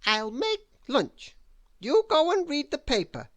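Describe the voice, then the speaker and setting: A woman voicing a bossy, commanding woman in a storybook, loud and high-pitched. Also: wildly swooping pitch, slow, no room sound, full character voice.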